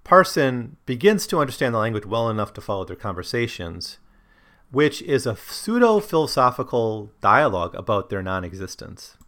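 Male book-discussion host, lively pitch, discursive and explanatory. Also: moderate pace. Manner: discursive and explanatory, thinking aloud. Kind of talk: lecture-style book discussion.

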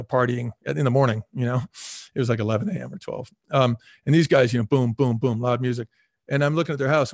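A middle-aged man speaking as an interview guest, telling animated stories and acting out quoted dialogue with lots of fillers. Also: medium pitch, vocal fry, no room sound, studio quality. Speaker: guest, restaurant executive.

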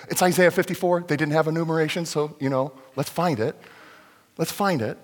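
A man preaching a sermon as pastor, acting out scenes and swinging from loud excitement to hushed, intimate lines. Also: fairly high pitch, a little fast. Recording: long hall reverb.

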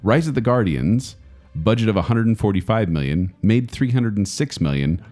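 A man co-hosting a casual movie review chat, animated and chatty, often laughing. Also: lowish voice, moderate pace, faint music behind. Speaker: co-host.

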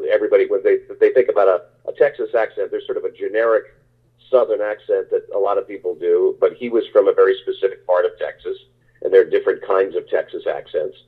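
Husky low-voiced man over a tinny line. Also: fairly quick. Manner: rambling, many restarts and fillers. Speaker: actor guest. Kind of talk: casual interview answers.

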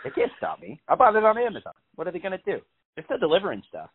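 Brief: lively comic co-host, man, swearing and rambling, thin phone-line sound. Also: high-pitched, rapid-fire, crowd noise. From New York. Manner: joking, profane, rambling with many fillers. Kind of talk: casual comedic chat.

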